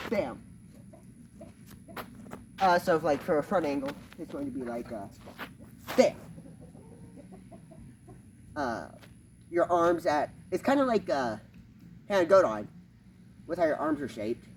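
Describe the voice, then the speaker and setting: A man with a fairly high, lively voice walks through a karate form, stopping and starting and calling out "bam" on each strike as he moves. He is recorded on a camera set some distance away in a backyard, with clear outdoor noise and chickens clucking behind him. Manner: halting, many fillers, punctuates moves with "bam"; talks while performing moves. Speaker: karate instructor. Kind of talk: casual demonstration lesson.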